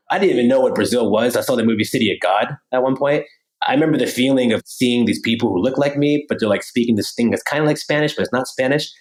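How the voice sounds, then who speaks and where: A young American man, a podcast guest, telling stories in a lively, casual way, often adding "right?" and "you know". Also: mid-range voice, low-quality recording. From Pennsylvania, USA. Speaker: podcast guest, language teacher. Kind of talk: casual storytelling interview.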